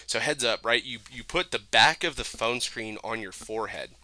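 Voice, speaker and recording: A man's voice: mid-range voice, moderate pace, pushed and bright. A young man co-hosting a casual chat, telling stories with lots of swearing and "like" fillers, and mimicking voices. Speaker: podcast co-host.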